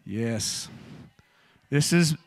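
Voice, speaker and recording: A man in his forties delivers an evening church sermon, sharing personal stories in a loose way with joking asides, then sinking low and fervent when he prays. He's animated but speaks extremely slowly, and there's no room sound.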